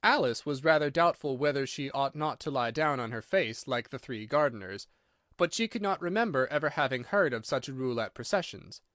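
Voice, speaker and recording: A man reading a classic storybook aloud as an expressive audiobook narrator. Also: medium pitch, a little fast, dry recording, clean studio sound. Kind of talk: scripted narration.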